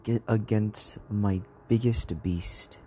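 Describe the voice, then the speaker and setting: A young man speaking softly and haltingly in a personal diary vlog, tired and sad, sometimes dropping close to a whisper. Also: on the low side, steady tone, a little hiss or hum. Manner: soft, hesitant, halting, sometimes near a whisper. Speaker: vlogger.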